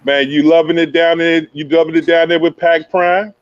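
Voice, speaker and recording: A man's voice: on the high side, level tone, normal speed, dry recording, highs cut off. Hyped-up slangy male podcast host. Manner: hype, slangy, playful banter. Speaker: podcast host interviewing a youth player. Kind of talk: casual podcast interview.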